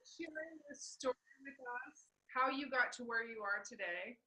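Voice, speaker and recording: A woman's voice: a little high, lively intonation, normal speed, a crowd in the background, rough recording. Gushing woman podcast host. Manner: gushing, enthusiastic. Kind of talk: interview hosting.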